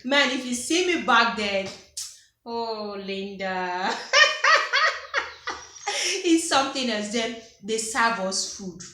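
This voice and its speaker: A Nigerian woman in her thirties tells childhood stories in a lively, teasing way and laughs often. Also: fairly high pitch, slow pace, long pauses. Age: 30s. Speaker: vlogger. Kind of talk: unscripted personal storytelling. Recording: echoey room.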